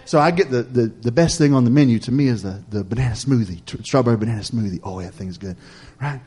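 A man's voice: mid-range voice, fast, dark tone. A man preaching a sermon, telling a story in a folksy, chatty way and speaking straight to the congregation.

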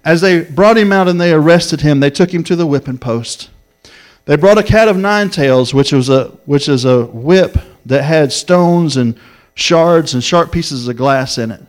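A male preacher with a twang and a voice sitting a little high for a man. He preaches with swells of feeling, climbing loud and pleading, then falling to a hushed, low close. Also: a little slow. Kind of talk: sermon.

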